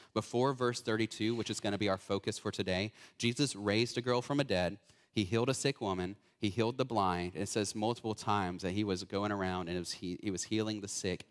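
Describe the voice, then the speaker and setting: A man's voice: low-pitched, long reverb tail. A young man preaching as a guest speaker in a church, chatty and informal, with many fillers and restarts. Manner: casual, talkative, lots of fillers and self-corrections. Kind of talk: sermon. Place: church hall.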